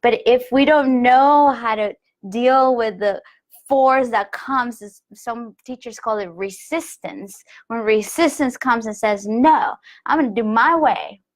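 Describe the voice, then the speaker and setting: A woman giving a spiritual lesson on a live online call, speaking softly and gently and often sinking into a hushed whisper, with slow, repeated phrases. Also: a little high. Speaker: spiritual teacher.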